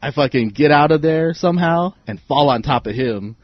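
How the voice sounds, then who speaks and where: A man from Southern California spins a profane, animated story in casual podcast chat. His voice is husky and sits in a dry, close space. The audio is a bit dull and lo-fi. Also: on the high side, moderate pace, dry recording. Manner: animated, swears a lot, acts out voices in his stories. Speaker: guest.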